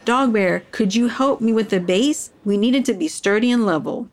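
Excited lil schoolboy, high and keen, bossy in a nice way, woman voicing him. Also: normal speed, natural voice. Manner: excited, takes charge. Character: excited young schoolboy, eager leader.

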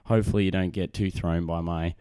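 A man's voice: low voice, little pitch movement, fairly quick, mellow, clear, resonant tone, no room sound, studio quality. A young man with an Australian accent, hosting a casual solo podcast in a rambling, self-deprecating way. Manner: rambling, self-deprecating, frequent restarts and fillers. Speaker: podcast host. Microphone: desk microphone on camera.

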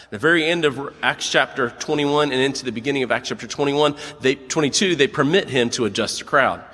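Animated man preaching in a reverberant church. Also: mid-range voice. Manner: animated storytelling, acts out quotes. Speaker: pastor. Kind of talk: sermon.

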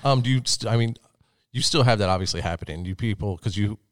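A man hosting a casual interview, asking curious questions in a relaxed way and swearing casually. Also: fairly low pitch, fast talker, dry recording, clean studio sound. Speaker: interview host.

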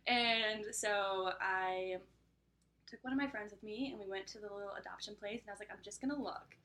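Bright-voiced chatty young woman. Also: mid-range voice, steady tone. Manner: chatty, heavy use of "like", quick laughs. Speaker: podcast co-host. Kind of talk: casual chat.

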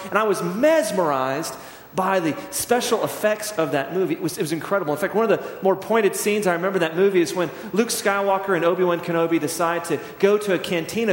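A middle-aged man preaching a sermon as pastor, telling stories in a conversational way and acting out scenes. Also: sits high. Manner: conversational storytelling, acts out scenes. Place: church sanctuary. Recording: echoey church hall.

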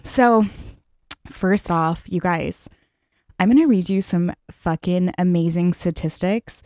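A woman's voice: lowish voice, slow pace, dark tone, dry recording, studio quality. A woman in her late twenties hosting a casual motivational podcast, chatty and profane, with bursts of hype. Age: late 20s. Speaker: podcast host.

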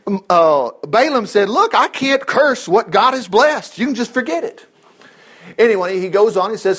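A man preaching a lively sermon, reading scripture with loud exclamations and quick low asides.

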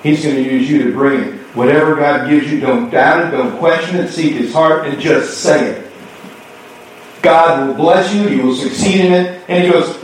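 Animated preacher in an echoey church. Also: male voice, on the high side, slight background noise. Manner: animated storytelling, acting out dialogue. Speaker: pastor. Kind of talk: sermon. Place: church sanctuary. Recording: echoey hall from far off.

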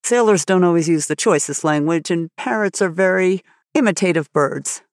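A woman's voice: lowish voice, normal speed, darkish tone, no room sound, studio quality, close to an everyday voice. A woman voicing a nervous, sheepish older farmer with a hasty temper, who stammers and blurts when flustered.

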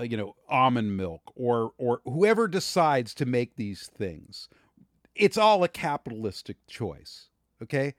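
A man's voice: medium pitch, dry recording, studio quality. A man co-hosting a podcast, arguing his point passionately and raising his voice in a heated debate. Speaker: podcast co-host.

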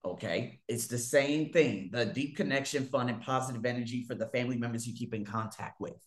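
A man telling stories to his viewers in a casual monologue, swearing freely and swinging widely in pitch and loudness. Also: a little fast. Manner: profane, animated, big swings in pitch and loudness. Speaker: vlogger. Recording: echoey room.

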